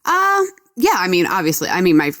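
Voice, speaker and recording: A woman's voice: lowish voice, wildly swooping pitch, brisk, fairly bright tone. Woman cohost talking things through on a podcast, thoughtful, easy laugh. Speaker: podcast co-host. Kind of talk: casual chat.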